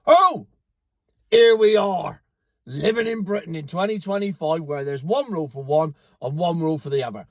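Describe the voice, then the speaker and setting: A Cornish man rants to camera, sarcastic and liberal with swearing. His voice sits fairly high for a man and the sound is dry and close. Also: animated, a little fast, hardly any pauses, darkish tone, no echo. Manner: ranting, profane, sarcastic. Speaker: vlogger. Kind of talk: angry opinion rant to camera.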